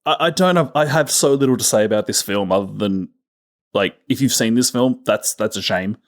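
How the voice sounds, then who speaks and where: A man's voice: on the low side, brisk. Dry, sardonic Australian man. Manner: dry, sardonic, deadpan jokes. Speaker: podcast co-host. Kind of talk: casual film-review chat.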